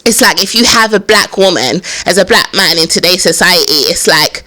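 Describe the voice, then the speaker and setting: A woman's voice: fairly low pitch, normal speed, bright, forceful tone. A young woman, hosting a casual interview in a chatty, emphatic way. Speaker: talk show host.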